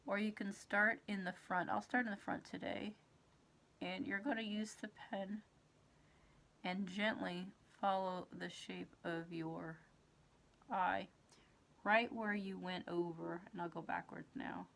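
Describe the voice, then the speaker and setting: A woman's voice: mid-range voice, fairly even intonation, a little slow, vocal fry, a bit bright. A woman hosting a makeup tutorial, talking casually through each step as she works, with her eyes watering. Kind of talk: casual how-to demonstration.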